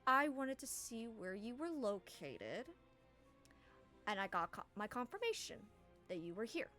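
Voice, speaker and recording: A man's voice: high voice, very animated, unhurried, sharp tone, soft background music, full character voice. A woman voicing a defensive male sorcerer who justifies himself. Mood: guarded.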